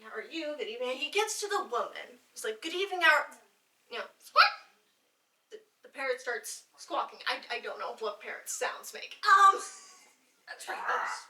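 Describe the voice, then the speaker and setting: A woman tells dad jokes live to a small group of listeners in an indoor gathering room, part of a bardic circle, laughing at her own punchlines and rambling with fillers. Her high-pitched voice is bright and forceful, at a moderate pace with big pitch swings. The voice comes from a distance, with roomy echo.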